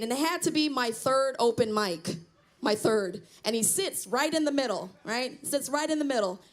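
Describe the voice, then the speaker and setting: A middle-aged woman doing a self-deprecating stand-up comedy set on a small theater stage, chatting with the crowd. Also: a little high. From Cambodian heritage.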